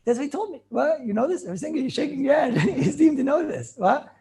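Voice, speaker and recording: A man, a rabbi, giving a lively class, asking questions, laughing often and repeating words as he restarts. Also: very high-pitched, fast. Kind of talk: lively Talmud class lecture.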